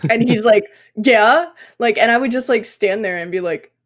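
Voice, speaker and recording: A woman's voice: fairly high pitch, fairly quick. A young woman in her twenties telling stories in a casual podcast chat. She swears freely and fills her talk with fillers. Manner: animated storytelling, swearing, frequent fillers. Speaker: podcast guest.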